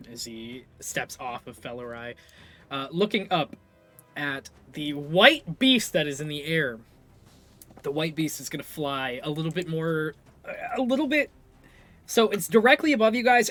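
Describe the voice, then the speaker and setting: A man's voice: fairly high pitch, fairly bright tone. A man narrating as game master of a tabletop game, rambling and correcting himself as he goes.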